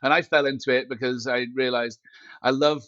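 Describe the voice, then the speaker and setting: This company CEO, a guest in a casual interview chat, has a medium-pitched, fairly bright voice with fairly even intonation and a brisk pace. He jokes, pokes fun at himself, and rambles with plenty of fillers. A small headset mic built into his glasses makes him sound a little dull and lo-fi, and the dry recording has almost no echo or room sound.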